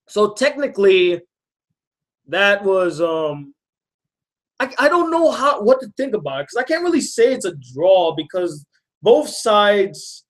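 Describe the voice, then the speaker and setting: A man casually reviewing a cartoon episode, rambling and excited, acting out bits of dialogue in quick asides. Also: high-pitched. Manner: excited, rambling, acts out quotes. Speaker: host.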